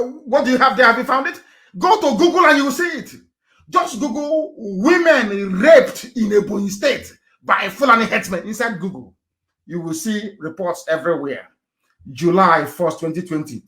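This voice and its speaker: A man giving an impassioned live political broadcast, rhetorical and repetitive, swinging from loud outbursts to low muttering. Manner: repeats phrases and asks rhetorical questions.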